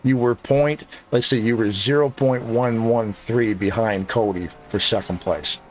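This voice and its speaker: A man broadcasting a sim race, chatting casually in a relaxed way. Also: mid-range voice, measured pace. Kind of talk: casual chat. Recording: faint noise.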